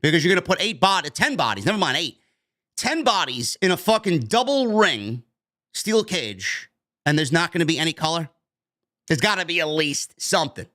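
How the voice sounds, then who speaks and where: A man's voice: a little high, pushed and bright. A man hosting a wrestling news podcast, delivering an emphatic, opinionated rant and swearing freely.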